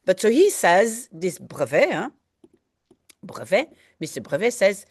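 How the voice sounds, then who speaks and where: A woman's voice: mid-range voice, big pitch swings, measured pace, long pauses, a little mellow, slightly rough, no room sound, studio quality. A woman language teacher reading a French novel aloud and patiently translating it line by line, explaining vocabulary and often saying "hein".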